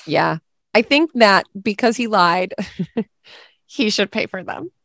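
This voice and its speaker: A woman's voice: mid-range voice, expressive, takes it slowly, creaky, a bit bright, no echo, clean studio sound. A woman co-hosting a podcast, chatting casually, swearing and laughing often, and reading a listener's post aloud. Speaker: podcast co-host.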